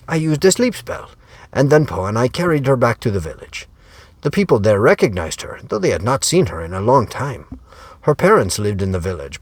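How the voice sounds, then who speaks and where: A man with a medium-pitched voice reads his own serial novel aloud as an audiobook, narrating in a wry storytelling style. The recording is dry.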